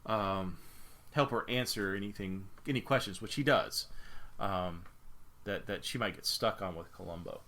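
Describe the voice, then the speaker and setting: A man's voice: sits low, moderate pace, sharp tone. A man co-hosting a film podcast, recapping scenes casually with many fillers and self-corrections. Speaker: podcast co-host. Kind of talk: casual chat.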